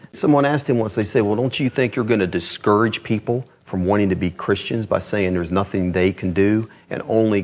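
Preacher, male, husky, pulpit sermon that drops to a murmur and climbs to urgent pleading. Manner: swings from low quiet tones to high urgent pleading. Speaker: pastor. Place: church sanctuary.

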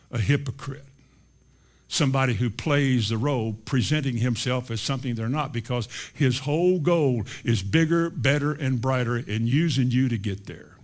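Guy preaching a sermon, average pitch, gets loud and fast then real quiet and slow, reads verses slow. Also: lively intonation. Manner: reads scripture slowly and deliberately.

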